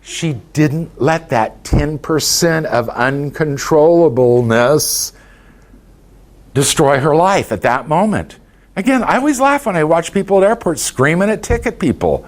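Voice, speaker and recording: A man's voice: a little high, expressive, unhurried. A man giving a folksy, anecdote-filled motivational talk to a group of caregivers. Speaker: speaker to caregivers.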